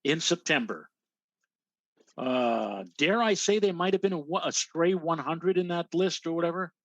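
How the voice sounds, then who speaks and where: A man's voice: fairly high pitch, expressive, unhurried, a bit bright, no echo. A man co-hosting a casual weather show, chatting loosely with plenty of fillers. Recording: dry, dull lo-fi audio.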